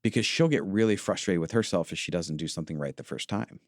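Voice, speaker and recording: A man with a low voice talks earnestly in a reflective podcast chat, often pausing to find his words. The sound is dry and close, with almost no room around it. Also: expressive, no room sound. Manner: earnest, confessional, searching for words. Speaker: podcast co-host.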